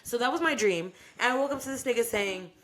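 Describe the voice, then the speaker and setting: A young woman co-hosting a podcast, telling a personal story in casual, profane chat and getting animated as she re-enacts arguments. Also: on the high side, fast talker. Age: young adult. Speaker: podcast co-host.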